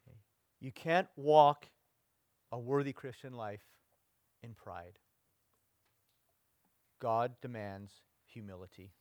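A middle-aged male pastor preaching in a conversational way, letting phrases trail off softly and sometimes rising into loud, mock-stern lecturing. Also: medium pitch, animated, slow, pauses often, dry recording. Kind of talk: sermon.

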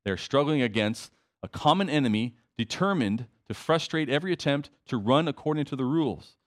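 Animated male preacher. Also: mid-range voice, a little fast. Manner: conversational preaching, emphatic repetitions, asides to congregation. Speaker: pastor. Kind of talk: sermon.

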